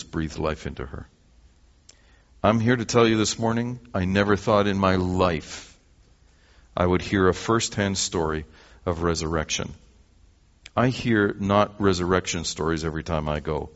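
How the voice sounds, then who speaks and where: A man's voice: low voice, highs cut off. A Canadian man preaching a sermon, telling a story and acting out the dialogue.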